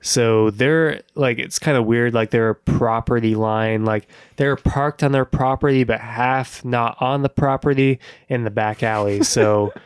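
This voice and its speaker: A man's voice: medium pitch, fairly even intonation, unhurried, few pauses, clean tone. A man spins a loose, rambling story into a podcast mic, leaning hard on filler words and laughing along the way. The sound is dry and close, with no room echo. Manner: rambling, heavy use of "like", laughs often. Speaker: podcast guest. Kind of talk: casual storytelling.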